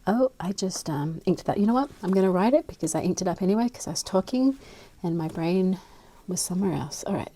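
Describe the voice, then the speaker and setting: An Australian woman chatting casually and rambling as she swatches inks, with soft murmured asides. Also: lowish voice, expressive, brisk, slight background noise. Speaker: fountain pen ink vlogger.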